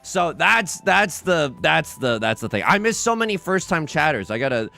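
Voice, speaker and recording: A man chats casually on a livestream, telling a rambling story with lots of false starts and cheerful swearing. His voice is bright and forward, and it swings widely in pitch as he gets animated. Quiet music plays behind him. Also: normal speed, gravelly.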